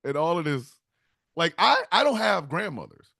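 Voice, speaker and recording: A man hosting with an animated comedic monologue, laughing as he riffs. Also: fairly high pitch, normal speed, gravelly, no echo, clean studio sound. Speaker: comedic host.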